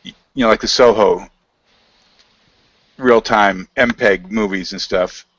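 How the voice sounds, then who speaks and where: A man's voice: on the low side, measured pace, fairly bright tone, breathy edge, no echo, muffled recording. Rambling man telling a story on a dry video call. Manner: rambling, anecdotal, many fillers and quoted dialogue. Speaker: interview guest.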